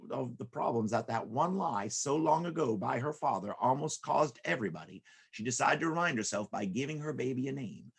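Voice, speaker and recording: A man's voice: medium pitch, gravelly, husky. A man telling silly stories to children in a playful way, with sound effects and character voices. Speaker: children's storyteller. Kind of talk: storytelling for children.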